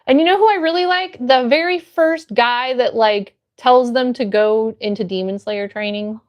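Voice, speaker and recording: Reading out the chat and welcoming viewers by name, a cheerful young woman runs an easygoing phone livestream from home. Her voice sits fairly high and moves at a moderate pace, though the recording sounds muffled.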